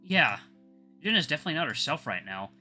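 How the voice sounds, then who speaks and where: A man reading a visual novel aloud in a lively way, often stumbling and correcting himself. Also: medium pitch, quick pace, soft background music. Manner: lively, with frequent self-corrections.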